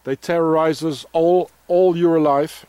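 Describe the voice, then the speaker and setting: Standing outdoors in the snow, a father with a South African accent films an angry vlog, ranting bitterly at those he blames and repeating his insults to the camera. His voice is fairly high, steady, unhurried and warm, with a clean, echo-free sound.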